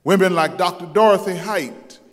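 A man preaching a sermon as pastor, telling stories with animated acted quotes. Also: normal speed. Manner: storytelling with acted quotes and animated shifts in pitch. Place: large church sanctuary. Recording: long reverb of a church hall.

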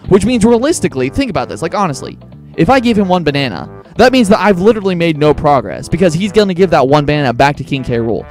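A man's voice: fairly high pitch, darkish tone. A young man hosting a let's-play, rambling through casual gameplay commentary with lots of filler words. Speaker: gaming channel host.

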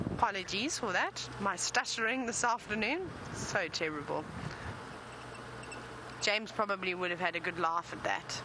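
A woman's voice: a little high, normal speed. A woman presenting a live safari drive, chatty and enthusiastic, talking from an open vehicle in the wind. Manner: chatty, enthusiastic, self-deprecating.

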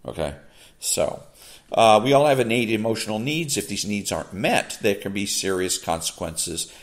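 Lower-voiced man musing in halting commentary. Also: animated. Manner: unhurried, halting, many fillers and restarts. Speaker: podcast host. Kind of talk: solo commentary reading and reacting to a quote.

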